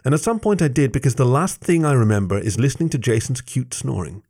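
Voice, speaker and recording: A man narrating a first-person story aloud in a measured, soft-spoken reading. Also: mid-range voice, animated. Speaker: story reader.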